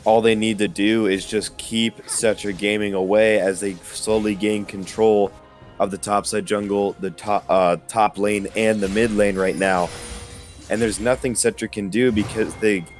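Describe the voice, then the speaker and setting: Hoarse, lower-voiced esports analyst. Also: male voice, faint music behind. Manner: steady, measured analysis with some stumbles. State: hoarse, losing his voice. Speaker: esports color commentator. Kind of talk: analytical commentary.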